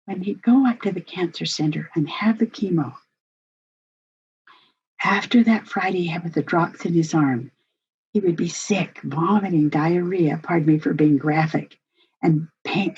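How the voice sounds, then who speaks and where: An older woman telling a family story with earnest feeling. Her voice is low and very husky, with a breathy grain. The recording sounds dull and lo-fi. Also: darkish tone. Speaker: family workshop presenter. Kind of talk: personal storytelling talk.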